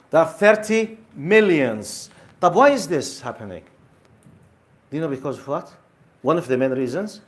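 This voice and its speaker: A man's voice: on the high side, lively intonation, a little slow, long pauses. Emphatic male lecturer. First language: Arabic. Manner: emphatic, repetitive, asks the audience questions. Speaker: Islamic lecturer. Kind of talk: religious lecture to an audience.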